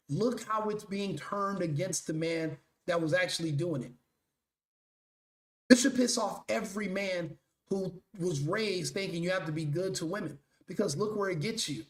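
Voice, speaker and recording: Guy with a high voice going off, swearing a lot, mocking, echoey room. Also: a bit bright. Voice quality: blunt, profane, mocking. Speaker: commentary show host. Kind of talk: profane commentary rant.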